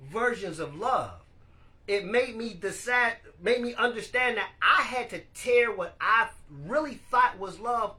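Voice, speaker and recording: A man hosting a casual live-stream podcast, animated and laughing as he talks to his viewers. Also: extremely high pitch. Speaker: podcast host.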